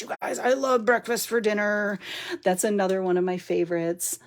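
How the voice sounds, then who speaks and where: Her mid-range voice holds a steady tone and a moderate pace as she talks viewers through a papercraft project on a live stream. Chatty and prone to giggling, she explains she's overtired and feeling punchy.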